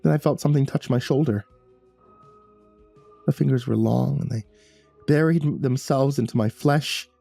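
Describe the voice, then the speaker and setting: A man's voice: medium pitch, moderate pace, creaky, pauses often, mellow, faint music behind. A man narrating a first-person horror story in a tense, breathless way, stumbling over words now and then.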